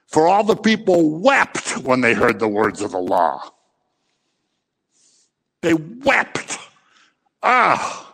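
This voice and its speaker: Man, sermon, impassioned, scolding, lively rising and falling pitch, long hall reverb. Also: slow, vocal fry, long pauses, husky. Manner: impassioned, scolding, acts out little scenes. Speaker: preacher.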